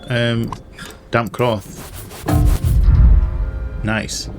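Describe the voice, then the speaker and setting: A man talks his way through a hidden-object game, reading the notes he finds and tossing in dry, sarcastic remarks. His voice sits at an ordinary middle pitch. Game music plays clearly underneath him. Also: little pitch movement, extremely slow. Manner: thinking aloud, reading in-game text with wry asides. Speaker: gaming channel host. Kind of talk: casual let's-play commentary. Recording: game music playing behind.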